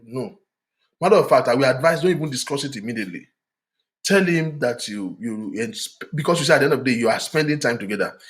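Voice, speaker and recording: A middle-aged man, hosting a frank relationship talk with an emphatic, preachy manner and bits of Yoruba. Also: medium pitch. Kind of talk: frank relationship advice monologue.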